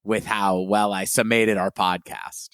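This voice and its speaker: A man co-hosting a casual podcast, talking in an earnest, playful and animated way. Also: on the low side, unhurried, smooth, dry recording, studio quality. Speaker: podcast co-host.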